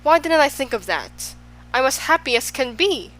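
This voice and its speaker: A woman voicing an excitable, fickle man who swings between extremes, in an audiobook. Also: high-pitched, normal speed, pitched above the performer's own voice, low-quality recording. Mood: eager. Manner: exclaiming, swinging between moods.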